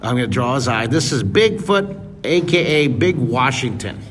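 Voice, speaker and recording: A man's voice: medium pitch, sing-song, moderate pace, a bit bright, soft background music. A man leading a live drawing lesson for children in a museum, cheering them on enthusiastically. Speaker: art teacher. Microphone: leaning close to camera. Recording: echoey hall, noisy room.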